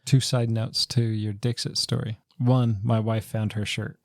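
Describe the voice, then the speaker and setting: A man's voice: lowish voice, little pitch movement, unhurried, no echo, clean studio sound. A man co-hosting a casual board game podcast, telling rambling stories with many fillers. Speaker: podcast co-host. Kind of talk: casual chat.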